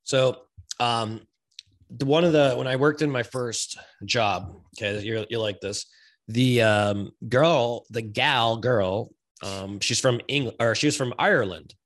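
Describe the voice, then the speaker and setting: A man hosting a casual interview, chatty and quick to laugh, with slangy phrasing. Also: mid-range voice, fairly bright tone. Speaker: host.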